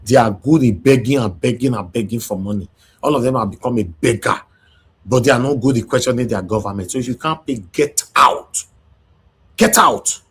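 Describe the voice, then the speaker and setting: Husky Nigerian male host, angry and emphatic, mid pitch. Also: fast. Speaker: show host. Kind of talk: heated group discussion.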